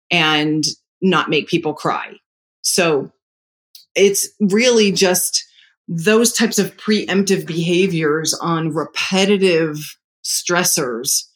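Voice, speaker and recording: A middle-aged parenting advisor in casual talk, calm and measured, explaining through stories from their own family. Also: medium pitch.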